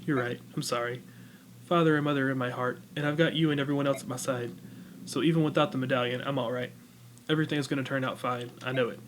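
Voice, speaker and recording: A man voicing a gentle, anxious young girl who speaks softly and quietly. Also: mid-range voice, fairly even intonation, fast talker, slight background noise, lightly acted.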